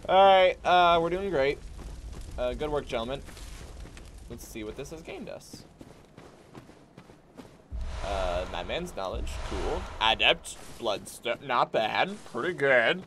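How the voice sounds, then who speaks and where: Excitable swearing man streaming a game. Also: medium pitch, slow pace, pauses often, slight background noise. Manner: excitable, swearing, yelps and talks to enemies. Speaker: gaming streamer. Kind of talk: live gameplay commentary.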